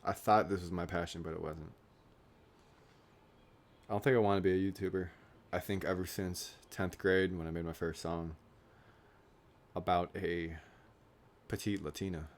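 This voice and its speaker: A man's voice: sits low, fairly even intonation, moderate pace, pauses often. A young man in his late teens vlogging casually, rambling and joking at his own expense. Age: young adult. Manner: rambling, self-deprecating, joking. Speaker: YouTuber.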